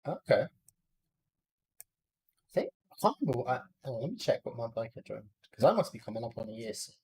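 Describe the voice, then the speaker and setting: A man's voice: mid-range voice, big pitch swings, fast talker, a little mellow, breathy edge. A man on a dev stream chatting casually, laid-back and agreeable. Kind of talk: casual chat.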